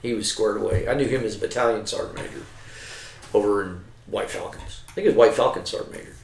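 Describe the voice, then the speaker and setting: A man's voice: fairly low pitch, fast, vocal fry, a little mellow, a little hiss or hum. An older man, a retired soldier, telling rambling, profane war stories in a casual chat. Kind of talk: casual storytelling. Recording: roomy, distant from the mic.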